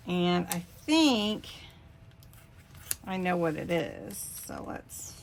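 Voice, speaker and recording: Slow-talking woman hosting a craft channel. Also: on the low side, very animated, creaky, slight background noise. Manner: warm, gushing thanks. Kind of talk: casual unboxing of mailed craft cards.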